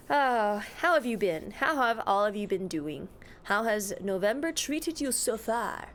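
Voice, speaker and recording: A woman live-streaming in a casual, rambling way, greeting her chat by name and slipping into silly voices. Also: fairly high pitch. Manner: playful, drops into silly voices.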